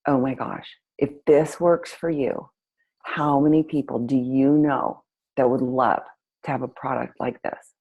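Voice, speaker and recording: A woman's voice: a bass voice, fairly even intonation, a little slow, husky, phone-quality sound. A woman hosting a talk, telling a story and acting out both sides of a conversation with lots of energy. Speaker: host. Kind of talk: storytelling to an audience.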